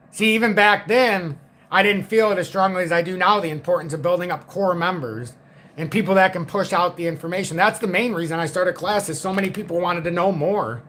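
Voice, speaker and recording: Blunt, profane high-voiced man ranting. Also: a bit bright. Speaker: crypto market livestream host. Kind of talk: casual livestream rant.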